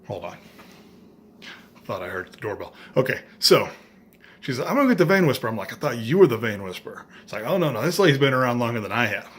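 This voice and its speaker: Speaking in a medium pitch, a middle-aged man recounts a story on his vlog. He's animated and casual, mocks himself dryly, and voices the lines of the other people involved.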